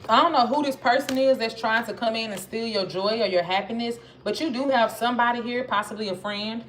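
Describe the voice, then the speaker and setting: Brisk and a bit bright, with a voice that's a little high, a Southern woman gives her viewers a casual tarot reading. She's chatty and slangy, addressing them head-on, while the recording crackles with noise and clicks.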